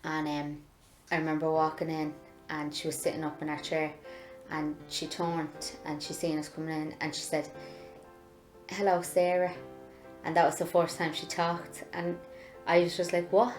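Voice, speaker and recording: Young irish woman, low voice, chatty w lots of "like", echoey room. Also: little pitch movement, moderate pace, soft background music. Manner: chatty, full of fillers like "like". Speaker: interviewee, daughter of the patient. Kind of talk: recorded testimony.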